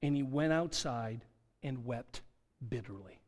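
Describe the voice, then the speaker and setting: A man with a mid-range voice preaches a sermon at an unhurried pace, dramatically posing rhetorical questions and acting out quoted dialogue. He's in a church sanctuary, and the recording carries a long hall reverb.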